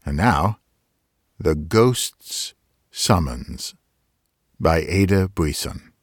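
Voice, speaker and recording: Deep-voiced librarian reading aloud. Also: male voice, expressive, slightly rough, dry recording, studio quality. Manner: measured, dramatic storytelling. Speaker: librarian and story reader. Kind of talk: scripted narration of a Victorian ghost story.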